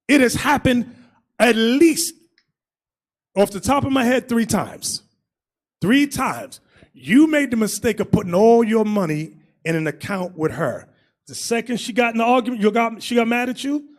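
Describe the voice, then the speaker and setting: Male street preacher, high animated voice, loud bursts. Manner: preachy, shouting bursts, swings loud and soft. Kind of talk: street sermon commentary.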